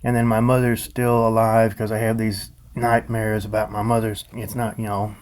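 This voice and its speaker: Rambling man with a low voice. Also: level tone, normal speed, a little mellow. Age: adult. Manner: rambling, full of fillers and restarts. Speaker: vlogger. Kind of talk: rambling casual monologue.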